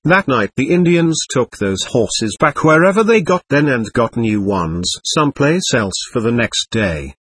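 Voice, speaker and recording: Husky male storyteller, dry sound. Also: mid-range voice, measured pace, hardly any pauses, dry recording. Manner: steady storytelling read. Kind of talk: first-person adventure memoir narration.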